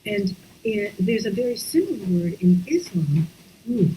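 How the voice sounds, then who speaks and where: A woman teaching a breathwork class online, talking slowly and softly and often dropping into whispers. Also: mid-range voice, very animated, slight background noise, low-quality recording. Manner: slow, soft-spoken, drifting into whispers. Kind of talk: guided breathing lesson. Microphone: online class, computer mic.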